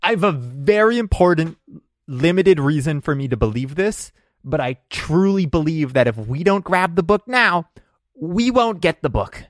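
A man's voice: on the high side, animated, normal speed, dry recording, clean studio sound. A man playing a tabletop role-play game, insistent and repetitive, stammering through restarts. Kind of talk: casual role-play chat.

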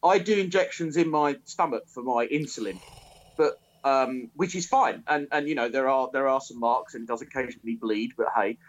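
A man chatting casually as a guest, relaxed and hesitant with fillers. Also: medium pitch, normal speed, low-quality recording. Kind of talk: casual chat.

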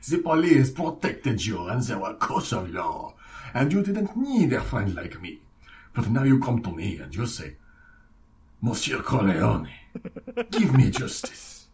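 A man doing a mock French accent as a soft-spoken, menacing godfather of a French mafia. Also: mid-range voice, sing-song, unhurried, recorded from a distance, a little hiss or hum. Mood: mock solemn. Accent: put-on French.

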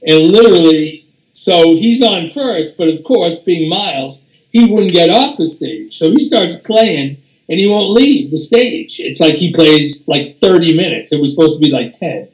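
An older man recounts studio stories in a loose, rambling way, restarting sentences and swearing casually. His voice sits somewhat high for a man. A roomy echo surrounds him. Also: lively intonation, measured pace. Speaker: music producer, interview guest. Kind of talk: casual anecdotal storytelling.

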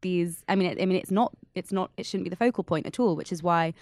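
A woman co-hosts a podcast, thinking out loud in a hedging way with plenty of fillers. Her voice sits fairly low for a woman, recorded close and dry. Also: fast talker, no echo. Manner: thoughtful, hedging, many fillers. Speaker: podcast co-host. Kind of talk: casual chat.

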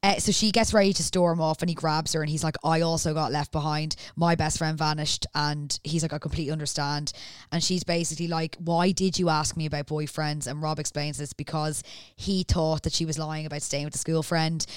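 Low-voiced chatty woman. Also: steady tone, fairly quick, hardly any pauses, clear, resonant tone, no room sound, clean studio sound. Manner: chatty storyteller, acts out characters' lines. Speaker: podcast host recapping a TV series. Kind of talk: casual chat.

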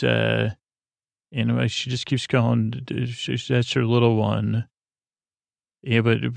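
A man hosting a sleep podcast, recapping an episode in a drowsy, rambling way, halting often with fillers and restarts. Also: medium pitch, vocal fry, no echo.

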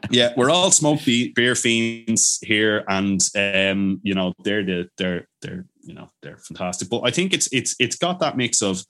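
A man's voice: on the low side, measured pace, hardly any pauses. A man as a guest in a podcast interview, telling stories eagerly, with many fillers and restarts. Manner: enthusiastic storyteller, many fillers and restarts, animated quoted voices. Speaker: brewery owner, guest. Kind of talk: casual interview chat.

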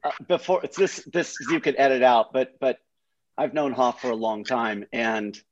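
A man's voice: mid-range voice, normal speed. A man chatting casually, telling anecdotes and acting out his friends' lines. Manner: animated storyteller who acts out friends' lines. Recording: slightly dull, lo-fi audio.

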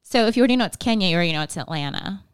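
A woman's voice: mid-range voice, expressive, racing, crowd noise. A woman hosting a podcast who runs a game segment, organized and encouraging as she explains the rules. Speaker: podcast host.

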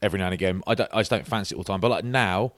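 A man's voice: low-pitched, very fast, no echo. A man co-hosting a casual podcast, teasing his friend and rambling with plenty of fillers. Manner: teasing, rambling, lots of likes and ums. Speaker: podcast co-host.

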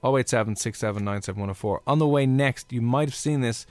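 A man hosting a radio show, quick and jokey, teasing his co-host. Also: mid-range voice, darkish tone, dry recording. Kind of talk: casual radio chat.

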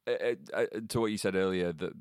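A man's voice: low-pitched, fast, a little mellow, clear, resonant tone, no echo, clean studio sound. A man co-hosting a casual podcast, reflecting aloud and explaining ideas, often restarting his sentences. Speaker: podcast co-host.

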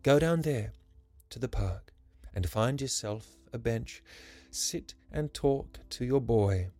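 A man voicing a young woman who is blunt and caring, speaking in a brisk, firm, scolding way in a rhyming story. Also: mid-range voice, lively intonation, dark tone, soft background music.

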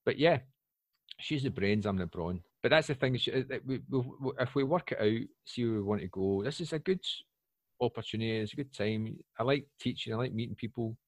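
A Scottish man in his forties, a podcast guest chatting casually and breaking into loud, animated asides. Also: mid-range voice, a little fast, dry recording. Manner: animated storyteller, bursts up loudly for asides.

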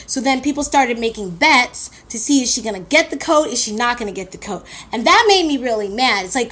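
New woman telling her story, blunt, swears a lot, kinda high voice. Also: fairly quick, few pauses. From Queens, New York. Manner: animated, blunt, swears, acts out quotes. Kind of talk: told personal story.

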